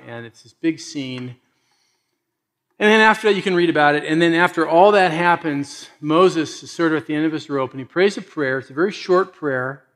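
A male pastor delivering a sermon with a slightly higher voice than most men. He talks animatedly and plays out the quoted voices in a casual, conversational way. His level swings from loud emphasis to near-hushed lines.

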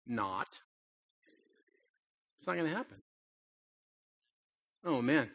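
An older man preaches a Christmas sermon in a bright, slightly raised voice with a husky grain. He tells personal stories and acts out the pleading lines of a frightened child. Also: on the high side, lively intonation, a little slow, long pauses. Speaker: pastor.

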